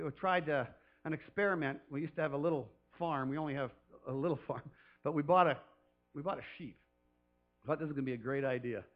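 A man's voice: fairly high pitch, lo-fi sound. A man preaching a sermon off the cuff as a pastor, chatty and rambling, who often laughs and throws in playful calls.

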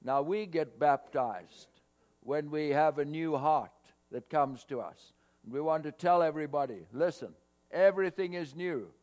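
A man preaching a sermon to his congregation, swelling louder on scripture quotes. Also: fairly high pitch, unhurried. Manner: expressive preaching, rising loud on scripture quotes. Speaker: pastor. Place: church hall, cold morning. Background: mains hum.

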